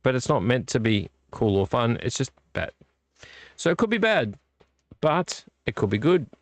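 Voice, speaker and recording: A man's voice: medium pitch, very animated, normal speed, no room sound. A middle-aged man, hosting a casual live-stream vlog in a rambling, easily distracted way. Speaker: vlog host.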